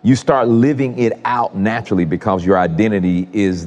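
A man's voice: fairly low pitch, fairly even intonation, moderate pace, hardly any pauses, a little mellow. A man preaching a sermon, chatty and repetitive, talking straight to his congregation. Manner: conversational, repetitive, addresses congregation directly. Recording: long hall reverb.

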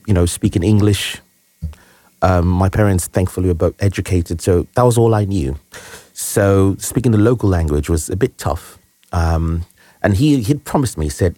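A man, a guest telling a personal story in an earnest, halting, reflective way. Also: low voice, a little mellow, dry recording. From Nigeria. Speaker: interview guest.

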